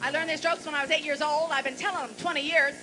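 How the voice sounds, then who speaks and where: A woman with a high, brassy voice works through bawdy stage jokes, salty and mock-forgetful as she goes. She is recorded live in a large, boomy venue. Loud audience noise sits under her the whole time. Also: fairly even intonation, quick pace. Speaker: stand-up comedian and singer.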